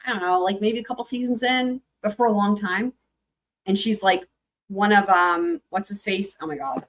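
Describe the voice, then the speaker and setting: A woman's voice: mid-range voice, moderate pace. A young adult woman hosting a livestream, chatting casually with viewers, rambling and laughing, swearing freely. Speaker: livestream host.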